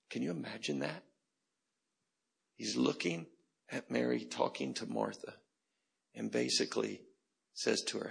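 Gravelly, bright-toned male preacher. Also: fairly low pitch, moderate pace. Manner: conversational, humorous, repeats phrases for emphasis. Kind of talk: sermon.

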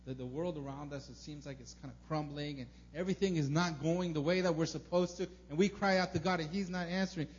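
Young male pastor, relaxed earnest sermon, fillers throughout; fairly high voice, muffled lo-fi audio with faint hum. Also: quick pace, few pauses. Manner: informal and earnest, many fillers, acts out prayers loudly. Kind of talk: casual sermon. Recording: dull lo-fi recording with faint hum.

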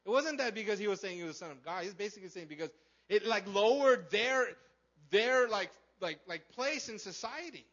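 Bright-voiced, animated male preacher. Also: high-pitched, fairly quick, highs cut off. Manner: animated, conversational, acts out characters, asks the crowd questions. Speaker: pastor. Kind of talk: sermon.

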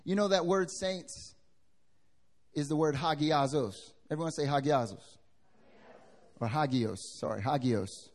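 A young man preaches from the pulpit in a fairly high voice. He swings from loud bursts to soft asides and drops into casual slang to address the congregation. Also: measured pace, pauses often. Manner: lively preaching with wide swings in pitch and loudness, casual slang. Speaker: pastor. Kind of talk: sermon. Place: church hall with congregation.

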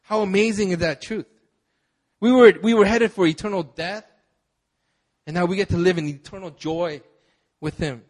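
A man's voice: high-pitched, moderate pace, pauses often. A young man preaching a sermon, telling a personal story with many fillers and repeated words. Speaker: pastor.

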